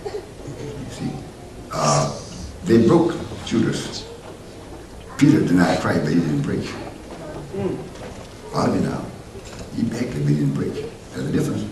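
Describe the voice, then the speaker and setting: A man preaching a sermon as pastor, swinging between loud emphatic peaks and quieter conversational asides to the congregation. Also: sits low, huge pitch swings, unhurried, long pauses. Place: church sanctuary. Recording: roomy church hall from far off, noisy.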